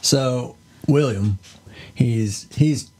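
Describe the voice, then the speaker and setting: A man's voice: medium pitch, drawn-out words, darkish tone. A man co-hosting a podcast, telling a fairy tale in a laid-back, jokey way. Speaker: podcast co-host. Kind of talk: casual comedic storytelling.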